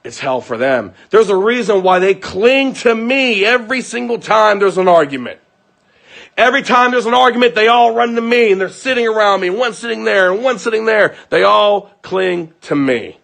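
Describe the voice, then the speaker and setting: A young male vlogger furiously tells viewers about a fight at home, cursing and playing out everyone's lines. His high voice is expressive, creaky, and a little bright, delivered at normal speed.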